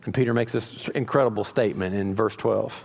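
Pastor preaching in a reverberant hall. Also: male voice, on the low side, steady tone, quick pace, vocal fry, a little mellow. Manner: conversational preaching with emphatic rises and frequent restarts. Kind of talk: sermon. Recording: dull lo-fi sound with long hall reverb.

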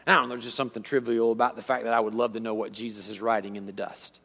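In a large hall, a male pastor preaches conversationally, repeating words and shifting between loud emphasis and almost hushed storytelling. His voice is on the low side, his delivery flat, and he talks very fast.

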